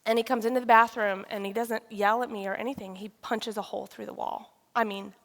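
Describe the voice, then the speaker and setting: A woman, sharing a candid personal testimony with pauses and restarts. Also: medium pitch, steady tone. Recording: long reverb of a large hall.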